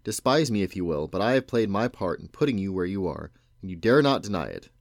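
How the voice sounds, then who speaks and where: A man's voice: moderate pace, darkish tone, no echo, lightly acted. Man reading a self-pitying old father, wheedling, dry close sound. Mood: bitter. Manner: pleading, then shrill and resentful.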